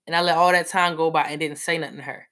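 A woman telling a personal story in a casual, animated way, full of fillers. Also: deep voice, fast talker.

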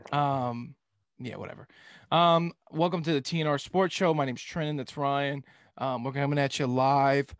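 A man's voice: medium pitch, steady tone, moderate pace, clear, resonant tone, no echo, clean studio sound. A young man co-hosting a casual sports talk show, joking and slipping into silly impressions.

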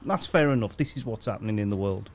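A man's voice: fairly low pitch, animated, fast, a little mellow, no echo. A man, teasing his co-host and swearing in casual banter. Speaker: podcast co-host.

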